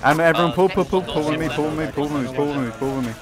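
A young man, the regiment leader, calling rapid, repeated orders over voice chat in an online game. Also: a little high, crowd noise. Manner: rapid repeated commands, loud and urgent. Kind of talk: shouted voice commands in an online game.

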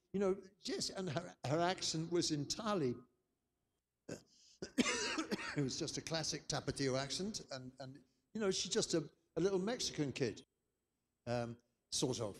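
A man's voice: fairly high pitch, long reverb tail, slight background noise. An older man from England, giving a chatty, anecdotal conference lecture. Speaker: keynote speaker.

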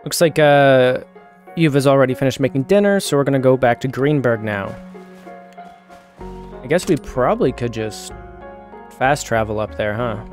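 A man's voice: medium pitch, moderate pace, pauses often, soft background music. A man hosting a let's play, chatting casually while he plays a video game. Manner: laid-back and chatty. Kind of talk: casual gameplay commentary.

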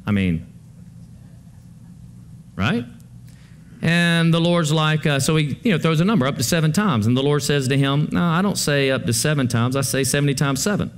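A male pastor preaching a conversational sermon to his congregation, moving between hushed low passages and rising, urgent ones. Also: lively intonation, moderate pace, long pauses.

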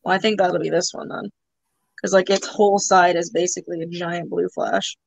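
A woman's voice: on the low side, fairly even intonation, moderate pace, vocal fry, dry recording, low-quality recording. A woman hosting a casual live-stream auction, chatting loosely with lots of filler words as she shows items.

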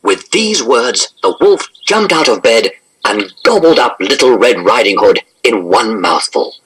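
A man reading a children's storybook aloud in an expressive, animated narration. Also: medium pitch, unhurried, rough recording.

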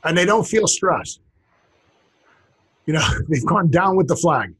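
A man's voice: a little high, lively intonation, normal speed, fairly bright tone, husky. A man co-hosting a casual comedy podcast, reading out funny sayings with a chuckle. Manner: reads out funny sayings, chuckling, jumps into silly put-on voices. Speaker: podcast co-host.

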